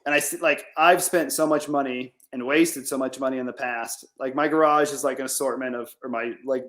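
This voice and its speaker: Man, farmer guest on a call interview, mid-pitched voice, loose rambling delivery with constant fillers. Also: steady tone, fairly quick, fairly bright tone. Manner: rambling, heavy use of "like". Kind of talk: casual interview chat.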